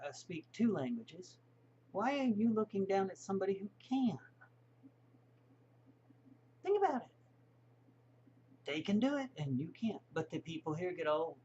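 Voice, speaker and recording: A man's voice: fairly high pitch, a little mellow, lo-fi sound, slight background noise. A middle-aged man talking in a rambling, folksy, opinionated way, vlogging from his home. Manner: chatty, opinionated, folksy asides. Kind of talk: casual rambling monologue.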